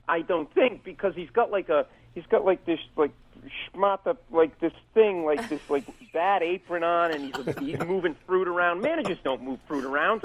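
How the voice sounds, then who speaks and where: A man's voice: high-pitched, a bit bright, poor audio. A middle-aged man, a comedian, telling a story on a podcast, acting out both sides of an argument and rambling with fillers and restarts. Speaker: comedian guest.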